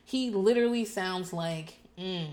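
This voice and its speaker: A woman's voice: lowish voice, measured pace, darkish tone. A woman recapping reality TV in casual chat, sardonic and profane, laughing often. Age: adult parent. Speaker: podcast host.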